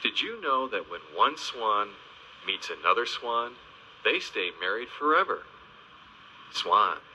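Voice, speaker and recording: A man narrating a children's video in a slow, sing-song teaching voice, stressing each animal name with gentle, exaggerated emphasis. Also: lowish voice, sing-song, slight background noise. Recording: dull, lo-fi old video soundtrack.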